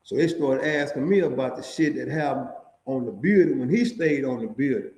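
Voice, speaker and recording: A man's voice: mid-range voice, normal speed, a little mellow. A middle-aged man, a former prisoner, telling his own prison stories in casual, profane, streetwise talk. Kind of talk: casual storytelling. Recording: echoey room.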